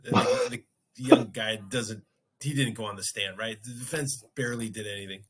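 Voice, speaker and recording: A man's voice: on the low side, huge pitch swings, moderate pace, husky. A man hosting a podcast, casually telling a story and acting out his own reactions. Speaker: podcast host.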